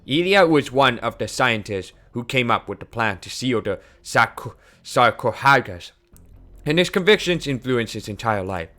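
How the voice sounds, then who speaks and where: A man reading a game aloud, voicing an older male scientist mentor who speaks in a quiet, measured, sorrowful way. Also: mid-range voice, animated, faint music behind. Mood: grave.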